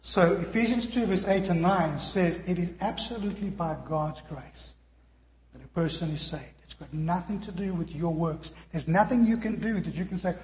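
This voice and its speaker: A higher-voiced man preaching a sermon and often turning questions back to his congregation. His voice rings through a large echoey hall with a long tail of reverb. He keeps it animated, stretching some words out slowly for weight. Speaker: pastor.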